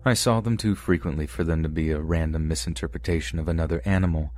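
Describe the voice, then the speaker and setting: Male podcast narrator, deep low voice, steady measured read of first-person scary stories. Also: soft background music. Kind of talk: reading submitted first-person true horror stories.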